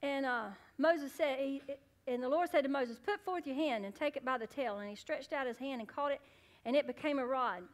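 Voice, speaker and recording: A woman pastor preaching a sermon in church, calling out to the congregation and rising to loud, fervent peaks. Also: sits high, a little fast. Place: church sanctuary.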